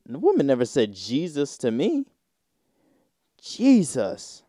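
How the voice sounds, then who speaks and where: A man hosting a casual solo podcast, reading search results aloud and riffing on them in a rambling, drawn-out way with sudden mocking outbursts. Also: lowish voice, expressive, mellow, smooth, dry recording, clean studio sound. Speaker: podcast host.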